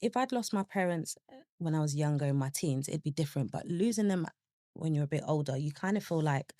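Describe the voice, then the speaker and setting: Young woman, low pitch, candid guest who tells her story animatedly. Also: brisk, no room sound, studio quality. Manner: animated, acts out her own past thoughts in quoted asides. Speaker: podcast guest.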